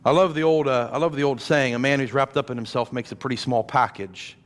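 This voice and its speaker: A man's voice: medium pitch, fairly quick. A man in his thirties preaching a sermon as pastor, conversational, with repeated rhetorical questions and playful asides. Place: church sanctuary. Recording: long reverb of a church hall.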